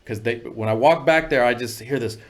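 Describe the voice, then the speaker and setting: A man speaking at a middle pitch, telling his story casually and profanely. He keeps tossing in "you know what I mean" as he goes on. He sounds like a producer guest on a laid-back podcast. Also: brisk.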